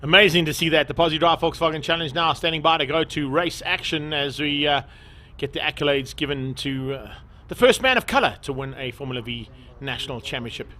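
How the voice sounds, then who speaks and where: A man's voice: fairly quick, pushed and bright. A man giving live motorsport commentary, lifting his voice when the race gets going. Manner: rises in pitch and volume when the racing starts.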